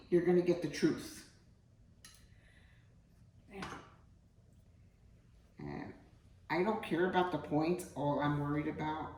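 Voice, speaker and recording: A woman's voice: low voice, darkish tone. A middle-aged woman hosting a casual home cooking demonstration, chatty and joking as she talks straight to her viewers. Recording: roomy, distant from the mic, faint hum.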